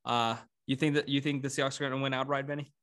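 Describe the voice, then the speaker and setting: A man hosting a casual sports chat, talking through his picks with friends, easily excited and quick to laugh. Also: medium pitch. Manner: excitable, laughs, mock British accent briefly. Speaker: podcast host.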